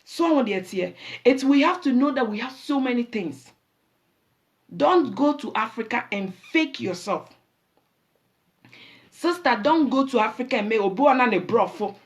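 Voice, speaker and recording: A middle-aged woman with a Ghanaian accent, hosting a talk show and lecturing her listeners in a lively, preachy way, dropping Pidgin and Twi phrases. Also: a little high, moderate pace, pauses often. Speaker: show host. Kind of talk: casual talk show monologue.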